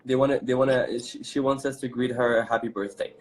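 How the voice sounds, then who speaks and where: A man's voice: mid-range voice, level tone, quick pace, low-quality recording. A young man from France with a French accent, hosting a casual live chat as a drag performer, campy and chatty, reading comments aloud.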